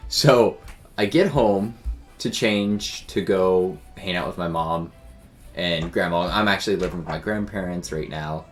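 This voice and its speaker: Rambling young man with a lowish voice. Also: measured pace, faint music behind. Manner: rambling, filler-heavy, self-deprecating. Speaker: game streamer. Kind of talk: casual storytelling while streaming.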